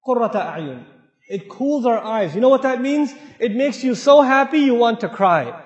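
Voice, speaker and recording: A man giving an earnest, conversational sermon to a mosque audience, moving between loud emphasis and quiet asides. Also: extremely high pitch. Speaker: Islamic speaker. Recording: echoey hall, dull lo-fi sound.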